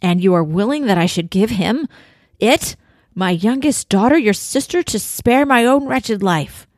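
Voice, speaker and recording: A woman's voice: mid-range voice, lively intonation, unhurried, no echo, studio quality, voice pushed up. A woman reading aloud as an anguished, protective father in a storybook passage. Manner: emphatic read-aloud storybook dialogue.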